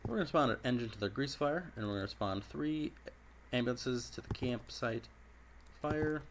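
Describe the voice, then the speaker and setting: A man with a raspy voice giving casual commentary over a dispatch game, clearing his throat often as he methodically works through each call. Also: medium pitch, expressive, moderate pace, noisy background. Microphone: personal desk microphone.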